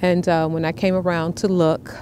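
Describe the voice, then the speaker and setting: Plainspoken woman with a lowish voice. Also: flat delivery, warm tone, slight background noise. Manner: plainspoken, halting with fillers. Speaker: ranch owner, youth program founder. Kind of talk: interview and hands-on instruction.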